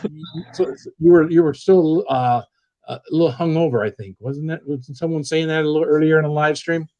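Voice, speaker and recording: Live stream host, male, slightly higher voice, easygoing chat, greets everyone by name. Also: brisk, lo-fi sound. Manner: greets viewers by name, repeats himself, relaxed and chatty.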